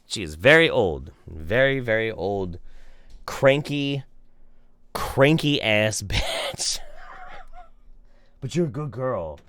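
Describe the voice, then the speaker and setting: A man's voice: lowish voice, expressive, slow pace, pauses often, fairly bright tone, no echo. A man hosting a live stream, reading viewer messages with crude, joking banter. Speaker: streamer host. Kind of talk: casual live-stream chat.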